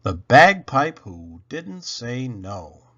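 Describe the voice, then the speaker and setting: A man's voice: mid-range voice, sing-song, extremely slow, bright, forceful tone, highs cut off. A man reading children's poems aloud, playful and theatrical. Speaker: children's book reader.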